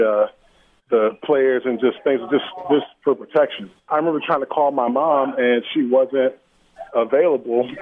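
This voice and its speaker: Guy slowly telling his story, sounds like a phone line, bit of hiss. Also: medium pitch. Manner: slow, earnest storytelling with many restarts. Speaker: interview guest. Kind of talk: personal story in an interview. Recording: tinny phone-like sound with faint noise.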